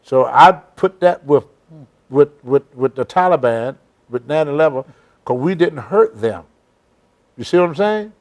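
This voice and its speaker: A man's voice: on the high side, animated, a little slow. An older man hosting a casual interview, telling blunt, rambling stories in a folksy way. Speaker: host. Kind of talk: casual storytelling chat.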